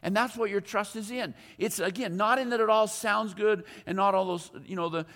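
A pastor preaching a sermon, a man with a high voice. He hammers home key phrases by repeating them and puts questions to the congregation. His voice rings with the long reverb of a large hall. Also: moderate pace, a bit bright. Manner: emphatic repetition of key phrases.

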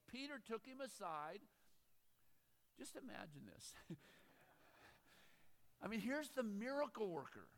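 A man's voice: sits high, bright, forceful tone. A man preaching a sermon as a pastor, reading scripture and breaking off into conversational, chuckling asides. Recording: long hall reverb.

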